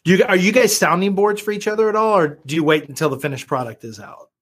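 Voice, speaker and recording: A man's voice: high voice, fast, a bit bright, slightly rough. A man hosting an interview, asking questions in a playful, teasing way. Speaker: host. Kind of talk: casual interview chat.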